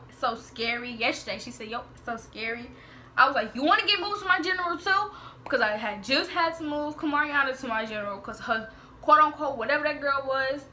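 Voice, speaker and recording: A woman's voice: a little high, slight background noise. A young woman vlogger, sassily retelling social media drama in a storytime vlog. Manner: sassy, animated retelling with slang and quoted exchanges.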